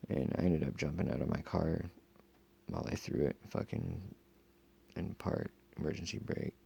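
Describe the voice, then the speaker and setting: A man telling a long personal story in a rambling, profane, casual way, full of fillers, with a gravelly, husky voice. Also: a bass voice, moderate pace, dark tone, slight background noise. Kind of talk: casual first-person account.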